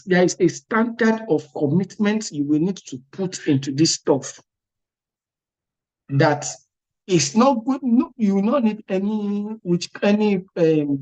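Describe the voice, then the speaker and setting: A man's voice: high-pitched, darkish tone. A man, an exam prep tutor giving a motivational class talk, emphatic and repetitive, often checking "are you with me?". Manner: emphatic, repeats words, asks "are you with me?".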